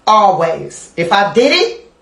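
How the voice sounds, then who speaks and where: A woman telling a candid personal story in a casual interview, animated and profane, laughing as she goes. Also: mid-range voice, slow pace, creaky, echoey room. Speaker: interview guest.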